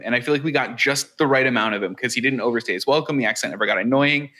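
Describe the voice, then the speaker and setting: A podcast co-host in easy conversation who tells his reactions by quoting himself in an animated way. His voice has a bright, forward tone. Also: medium pitch, quick pace. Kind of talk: casual chat.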